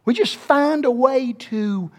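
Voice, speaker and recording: A man in his fifties, a pastor preaching a sermon in a church, telling a story with big swings in pitch and loudness. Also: slow pace. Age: 50s.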